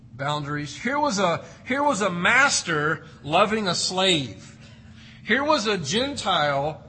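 A man's voice: high voice, pushed and bright, a little hiss or hum, rough recording. A man preaching an expository sermon, reading scripture and explaining it with emphatic, varied delivery. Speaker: pastor.

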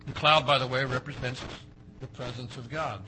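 A male pastor preaching a sermon, swinging between loud emphatic phrases and quiet asides. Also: mid-range voice, steady tone, moderate pace, low-quality recording.

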